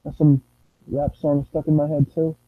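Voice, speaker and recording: Young guy chatting slow over a game, kinda high voice, tinny dry mic sound. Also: level tone, no echo. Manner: rambling, playful, sings nonsense sounds. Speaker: gameplay streamer. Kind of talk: casual gameplay commentary.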